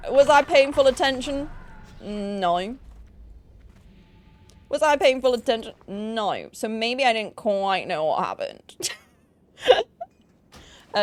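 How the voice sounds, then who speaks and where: A woman from Yorkshire with a northern English accent, chatting and teasing her viewers in a casual live stream while she plays a game. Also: mid-range voice. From Yorkshire, England. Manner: chatty, teasing, jokey banter with chat.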